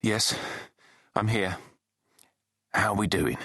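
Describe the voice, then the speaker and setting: A man voicing a male paramedic on the phone who speaks calmly and reassuringly. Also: on the low side, normal speed, no echo, clean studio sound, pitched above the performer's own voice. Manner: calm, reassuring.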